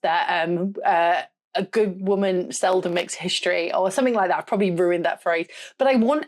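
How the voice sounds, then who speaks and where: Blunt, loud woman with a southern English accent. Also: medium pitch. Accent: southern English, rural. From south of England. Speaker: podcast host and photographer. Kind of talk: casual solo podcast monologue.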